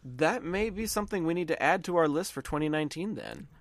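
A man's voice: a little high, lively intonation, fast, no echo. A man from the American South co-hosting a podcast, chatting casually and enthusiastically about movies, often restarting his phrases. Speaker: podcast co-host.

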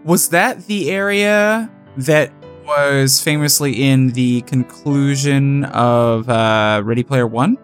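A man's voice: medium pitch, slow pace, hardly any pauses, soft background music. A man co-hosting a podcast, chatting casually and eagerly recommending things. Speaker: podcast co-host. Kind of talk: casual chat.

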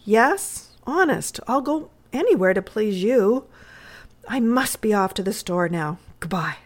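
A woman's voice: mid-range voice, expressive, a little slow. A woman voicing an earnest young boy who is eager to please. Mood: coaxing.

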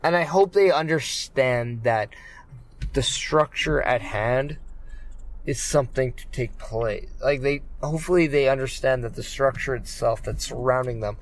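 A man co-hosting a casual podcast about wrestling. He talks at a middling pitch and rambles, piling up fillers and restarting his sentences as he works through each thought. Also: a little slow. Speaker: podcast co-host.

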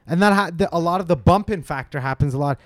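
A man who is a guest comedian on a podcast, talking quickly and emphatically in casual chat. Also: on the high side, no room sound, studio quality.

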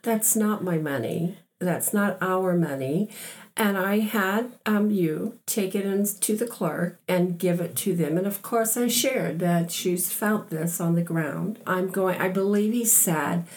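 An older woman, the guest on her daughter's podcast, speaking in a calm, plain-spoken way. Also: mid-range voice, a little slow, few pauses. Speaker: podcast guest, the host's mother. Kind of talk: casual conversation.

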